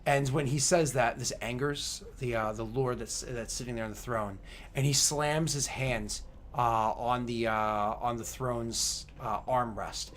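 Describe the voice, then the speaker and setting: A man narrating a tabletop game as game master, describing scenes with frequent pauses and fillers. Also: mid-range voice, steady tone, fairly bright tone, a little hiss or hum.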